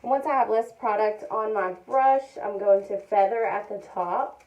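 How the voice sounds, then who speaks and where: A woman giving a calm, methodical step-by-step tutorial, narrating each move and repeating her key points. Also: medium pitch, normal speed, lo-fi sound. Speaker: hair color educator.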